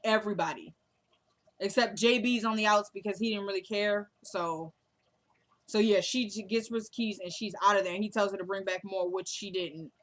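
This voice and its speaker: A woman recapping a TV drama episode in a casual chat, quickly quoting the characters' lines as she goes. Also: mid-range voice, fairly even intonation, fairly bright tone. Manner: chatty, quotes characters in quick asides. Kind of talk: casual recap, acting out dialogue.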